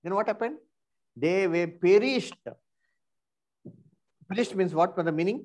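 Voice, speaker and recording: A man's voice: high voice, a little slow, darkish tone. A man teaching an interactive Bible lesson, often asking rhetorical questions and filling with "you see".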